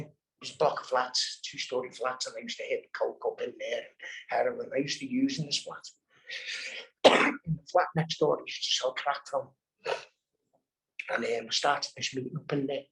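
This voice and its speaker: Gravelly Scouse man, blunt and profane. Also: medium pitch, steady tone, normal speed, a bit bright, poor audio. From Birkenhead, England. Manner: blunt and profane, heavy swearing. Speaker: recovery workshop speaker. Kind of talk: candid live storytelling. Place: live convention hall.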